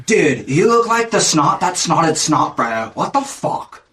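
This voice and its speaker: A man's voice: on the high side, very animated, slow, sharp tone, far from the mic, slight background noise, heavily acted. A man voicing a crude young jock bully leading a gang, sneering and taunting.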